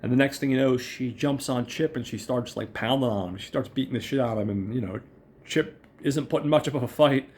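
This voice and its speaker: A male host recapping a film in a loose, rambling way, swearing often and talking straight to his audience. His voice sits at an ordinary middle pitch, and his delivery is chatty and unpolished. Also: a little fast, a little mellow, a little hiss or hum. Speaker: podcast host.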